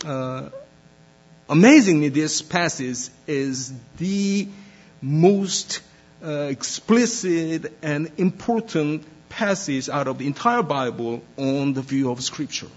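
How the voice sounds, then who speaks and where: A man preaching a sermon as pastor, speaking deliberately with many pauses and fillers. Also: fairly high pitch, muffled recording.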